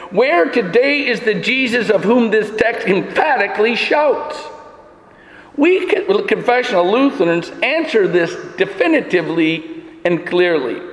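High-voiced man preaching in an echoey church. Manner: emphatic preaching, swings between soaring and hushed. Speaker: pastor. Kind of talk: sermon.

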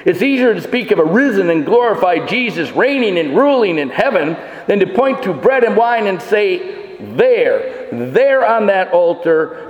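A man's voice: high voice, dull audio. A man preaching a sermon as pastor, emphatic and full of rhetorical questions with dry asides. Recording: echoey church hall with long reverb.

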